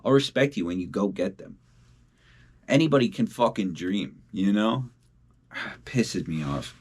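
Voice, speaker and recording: A man's voice: fairly low pitch, animated, a little slow, a little mellow, breathy edge. A young man in a casual video diary, talking bluntly and swearing a lot. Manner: blunt and heavily profane. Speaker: independent musician. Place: at home.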